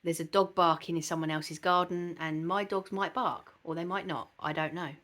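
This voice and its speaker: A woman's voice: lowish voice, fairly even intonation, moderate pace, fairly bright tone. A woman hosting a dog channel, talking earnestly and from the heart to her viewers, with frequent hesitations. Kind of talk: casual vlog talk to camera.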